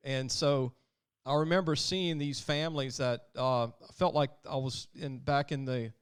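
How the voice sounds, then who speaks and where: A man's voice: mid-range voice, steady tone, unhurried, clear, resonant tone. A man hosting a sports podcast, telling stories in a chatty way and acting out the people he quotes. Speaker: podcast host. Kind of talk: casual sports talk.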